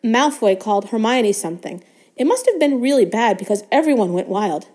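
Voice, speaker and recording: A woman voicing a huge, gruff but kindly male gamekeeper in a storybook reading, growling as he talks. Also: fairly high pitch, sing-song, brisk, a little mellow.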